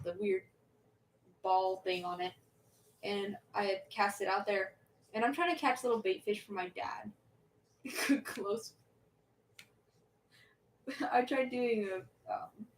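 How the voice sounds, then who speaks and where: Young woman streamer, rambling, giggly chatter, mid pitch, distant mic with faint noise. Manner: rambling, self-interrupting, giggly. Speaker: livestream host. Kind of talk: casual chat reading viewer questions.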